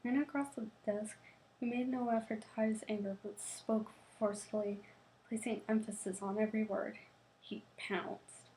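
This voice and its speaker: A woman's voice: medium pitch, little pitch movement, moderate pace, mellow, slight background noise, poor audio. A young woman, a student, reading a novel aloud, often tripping and restarting words and adding casual asides. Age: young adult.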